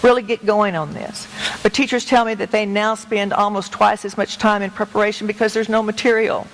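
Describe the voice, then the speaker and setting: A woman's voice: medium pitch, little pitch movement, a little fast, a little hiss or hum, poor audio. A middle-aged woman educator giving an earnest, emphatic talk to a meeting as a guest speaker, speaking conversationally. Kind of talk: public talk to a meeting with slides.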